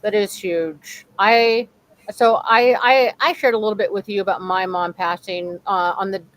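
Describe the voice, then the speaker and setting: Middle-aged woman, chatty co-host, mid pitch, video-call mic. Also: fairly even intonation, normal speed, poor audio. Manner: chatty, supportive with frequent affirmations. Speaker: co-host of paranormal show. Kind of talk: casual conversation.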